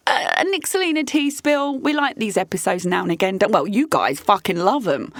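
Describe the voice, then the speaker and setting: A woman's voice: on the high side, no echo, clean studio sound. A young adult woman hosting a podcast, talking candidly and bluntly with lots of swearing and laughter. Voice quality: brash, profane, laughs often. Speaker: podcast host. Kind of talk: candid solo podcast chat.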